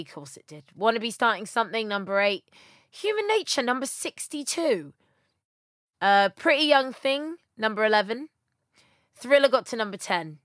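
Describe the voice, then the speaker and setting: A woman hosting a podcast quiz, reading out questions and answers in a brisk, listing way. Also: medium pitch, fairly bright tone, no echo, studio quality. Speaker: quiz host.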